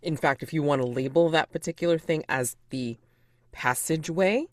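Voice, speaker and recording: A man's voice: fairly high pitch, normal speed, no room sound. A man casually explaining how to use the game board, with many fillers such as "you know" and "like". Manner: chatty, filler-heavy, reassuring.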